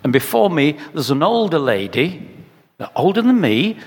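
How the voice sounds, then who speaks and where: A man's voice: on the high side, big pitch swings, moderate pace, husky. Older guy preaching, rhetorical repeats, sermon in a big reverby hall. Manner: conversational storytelling with rhetorical repetition. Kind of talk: sermon with anecdotes.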